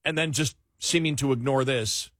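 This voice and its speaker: A man's voice: medium pitch, normal speed, fairly bright tone, no room sound, studio quality. A man hosting a late-night political talk radio show, emphatic and incredulous, often restarting his words.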